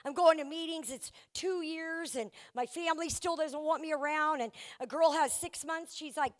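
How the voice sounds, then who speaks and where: A young woman speaks to a live recovery meeting, her voice sitting high. She tells her story candidly and with humor, often restarting her sentences as she goes. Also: normal speed. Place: event venue before a live audience.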